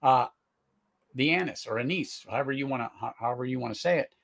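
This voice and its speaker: A middle-aged man hosting a live whisky tasting, talking casually, searching for words, then bursting into excited exclamations. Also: medium pitch, fast, gravelly. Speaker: whisky tasting livestream host.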